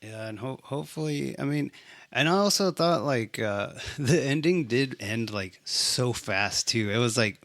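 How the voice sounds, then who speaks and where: A man's voice: mid-range voice, expressive, unhurried, fairly bright tone, dry recording. A young man co-hosting a casual movie review chat, laid-back, rambling and profane.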